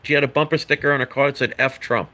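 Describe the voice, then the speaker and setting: A man's voice: on the high side, flat delivery, rapid-fire, sharp tone. A man giving an earnest, rambling opinion monologue as a vlogger. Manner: earnest, lecturing, rambling with asides.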